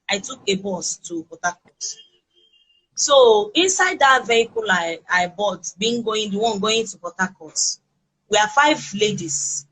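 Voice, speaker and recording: A woman with a Nigerian accent giving personal testimony as an interviewee, talking in a halting, emotional way with many restarts. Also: mid-range voice, fairly bright tone, husky, rough recording. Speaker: interviewee recounting a kidnapping.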